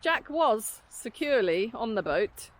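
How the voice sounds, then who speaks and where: A woman's voice: on the high side, sing-song, measured pace. A woman chatting casually and giggling while filming outdoors at night. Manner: giggly, playful. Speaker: vlogger. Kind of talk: casual chat.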